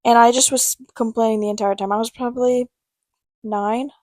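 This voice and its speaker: Woman podcast co-host, playful storyteller, a bit high, dry close sound. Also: fairly even intonation, normal speed, darkish tone, no echo. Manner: laughing storyteller, chatty and playful. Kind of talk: casual chat.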